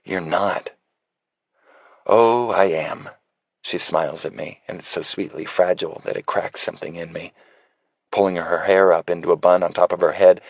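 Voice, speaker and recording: A man reading an audiobook in first person, measured and wry. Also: low voice, vocal fry, no echo, lo-fi sound. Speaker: audiobook narrator. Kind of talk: scripted first-person narration.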